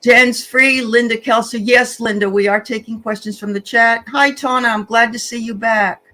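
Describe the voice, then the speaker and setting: Bright-voiced woman co-hosting a livestream. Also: on the high side, fairly even intonation, normal speed, rough recording. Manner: greets viewers by name, chatty with frequent fillers. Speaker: livestream co-host. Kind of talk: casual livestream chat.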